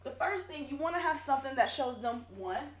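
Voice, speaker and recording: A woman's voice: high voice, lively intonation, a little fast, heavy background noise. A woman business coach giving direct, emphatic advice in a casual video lesson. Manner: direct, emphatic, self-correcting. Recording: echoey room.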